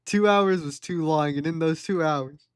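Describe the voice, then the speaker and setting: A man's voice: a little high, a little slow, smooth. A young adult man streaming live, telling a rambling story and laughing at it.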